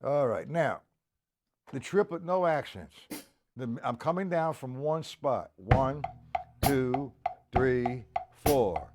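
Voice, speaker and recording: A man's voice: mid-range voice, animated, takes it slowly, darkish tone, a little hiss or hum. A man giving a live-streamed drum lesson, counting beats aloud, joking and answering viewers by name. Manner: casual, joking. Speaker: drum teacher.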